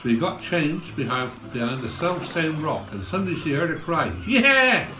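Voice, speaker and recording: A chatty man spinning comic village yarns, his voice swinging lively up and down. The room sounds roomy, and a faint guitar plays behind him. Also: fairly high pitch, normal speed. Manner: chatty, folksy. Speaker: storyteller.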